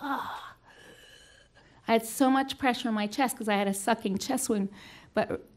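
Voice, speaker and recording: A middle-aged woman telling a personal story on a small stage before an audience, earnest and halting, with restarts and sudden loud shouts. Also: on the high side.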